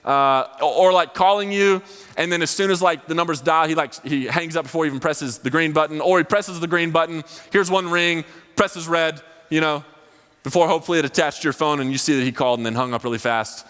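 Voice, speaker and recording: A man's voice: fairly high pitch, brisk, fairly bright tone, clean tone. A young man giving a casual, rambling sermon, full of fillers, to a live audience. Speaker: college ministry speaker. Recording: long hall reverb.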